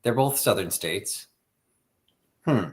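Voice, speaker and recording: Male co-host, lowish voice, chatty storyteller, casual live-stream talk. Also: expressive, takes it slowly. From US Midwest. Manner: chatty, storytelling, trails off mid-sentence. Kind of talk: casual chat.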